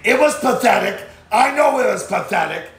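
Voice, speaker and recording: A man's voice: high voice, lively intonation, moderate pace, gravelly, a bit bright. A man casually vlogging inside a smoke shop, laid-back and swearing as he hypes the place. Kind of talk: casual vlog commentary. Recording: echoey shop room, faint background noise.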